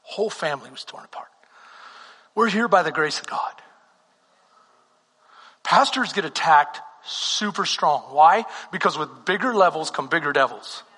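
A middle-aged pastor from Texas preaching a sermon, repeating phrases and swinging between shouted fervor and hushed storytelling. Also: male voice, fairly high pitch, lively intonation, moderate pace, long pauses, breathy edge. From Texas, USA. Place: church sanctuary. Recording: long reverb of a church hall.

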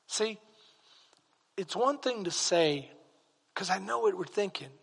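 A man preaching a sermon with rising passion, at times shouting to his congregation. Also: high-pitched, animated, slow pace, creaky, breathy edge. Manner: impassioned preaching that rises to shouts. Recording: long reverb of a large hall.

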